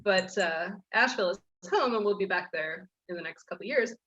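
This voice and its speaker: A woman's voice: mid-range voice, a little fast, a bit bright, highs cut off. A woman from the United States, a guest on a remote call, chatting in a wry way and laughing as she chimes in. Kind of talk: casual interview chat.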